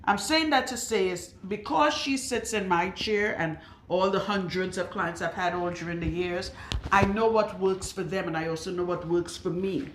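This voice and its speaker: A woman's voice: mid-range voice, a little hiss or hum. A woman loctician talking bluntly and emphatically to camera while working on a client in her salon. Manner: blunt and outspoken; emphatic, with rhetorical questions. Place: her salon room with a radiator. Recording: roomy echo.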